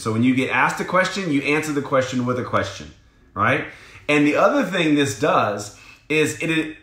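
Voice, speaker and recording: A man's voice: mid-range voice, reverberant. Upbeat man coaching his sales team. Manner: energetic, coaching, keeps asking "right?". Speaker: team leader giving a sales training call. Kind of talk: motivational training talk.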